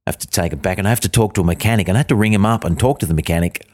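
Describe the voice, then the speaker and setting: A middle-aged Australian man telling a swearing, ranting comic story, breaking into high outbursts. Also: racing, darkish tone. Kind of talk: comic monologue.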